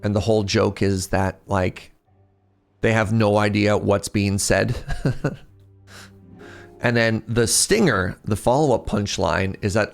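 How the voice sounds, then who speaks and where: A man's voice: on the low side, takes it slowly, gravelly, long pauses, soft background music. A man streaming a game, chatting casually, telling stories and laughing often between moves. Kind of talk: casual gameplay chat.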